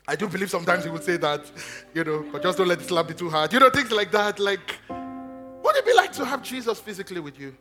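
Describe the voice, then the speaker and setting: A man preaching a lively sermon. He jumps between loud exclamations and hushed asides, and he acts out the quoted voices. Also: high voice, fast, faint music behind.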